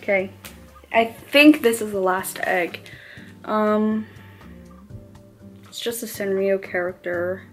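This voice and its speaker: Young woman vlogger, unhurried delivery, excitable and squealy over cute things, music bed underneath. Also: mid-range voice. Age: young adult. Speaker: unboxing vlogger. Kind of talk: casual unboxing chat. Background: background music.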